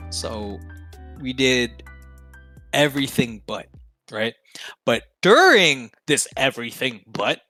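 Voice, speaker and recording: A young man telling a story from his high school days in a casual podcast chat, swearing often and getting loud when he gets worked up. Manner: animated, swears often, laughs mid-story. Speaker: podcast guest.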